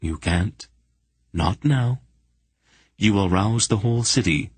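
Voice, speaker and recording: A man's voice: lowish voice, slow, husky, dry recording, voice pushed up. A man reading an audiobook, voicing an unseen spirit that speaks sharply and with authority inside another's mind. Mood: commanding. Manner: sharp, assured.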